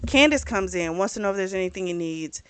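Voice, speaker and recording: A woman with a mid-range, slightly bright, smooth voice talks quickly with lively intonation. As a book club host reviewing a novel, she recaps it in a chatty, informal way, briefly acting out characters' lines while retelling scenes. She swears mildly and uses lots of fillers.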